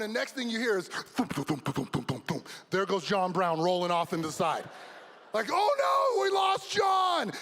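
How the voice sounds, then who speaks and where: A high-voiced man tells a story at a graduation ceremony, building excitement and shouting at the wild moments. His voice carries the long reverb of a big venue. It is a speech to a crowd, not a chat. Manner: animated, shouting the exciting parts. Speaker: graduation speaker. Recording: long reverb of a large hall.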